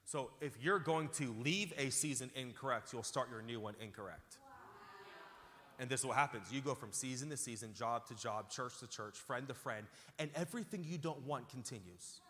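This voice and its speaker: A pastor delivers a sermon at a moderate pace in a medium-pitched, slightly bright voice, calling out to his congregation with emphatic, repeated phrases. The large church auditorium gives hall reverb, with slight background noise.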